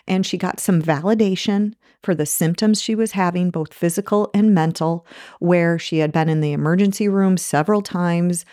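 Brief: middle-aged woman clinician, earnest and encouraging, lowish voice, dry close sound. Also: normal speed, dark tone, dry recording. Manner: earnest, encouraging, repeats key phrases. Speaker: nurse practitioner and clinic owner, guest. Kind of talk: podcast interview answers.

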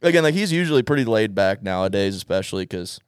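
A man's voice: fairly low pitch, sing-song, quick pace, clear, resonant tone, dry recording, clean studio sound. A young man in casual podcast chat, rambling through a funny story, swearing and laughing often. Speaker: podcast co-host.

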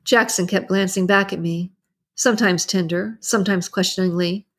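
A woman reading a novel aloud in the first person, steady and measured, and hosting her own reading channel. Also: mid-range voice, husky. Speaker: book reader and channel host. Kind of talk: audiobook narration.

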